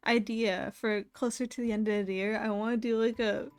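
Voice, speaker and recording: Young female streamer, casual laughing storyteller, a bit high-pitched, soft music underneath. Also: fairly quick. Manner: laughs often while telling a story, animated quoting of others. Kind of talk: casual chat.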